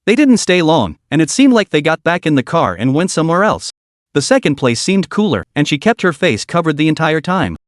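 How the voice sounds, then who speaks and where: Steady male story narrator, dry sound. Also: a little high, a little fast, no room sound. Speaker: recap narrator.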